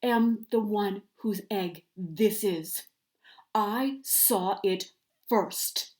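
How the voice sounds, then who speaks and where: A woman voicing a bossy, huffy male duck in a children's storybook, scolding loudly and indignantly in a raised voice. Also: sits high, sing-song, a little slow, voice pushed up.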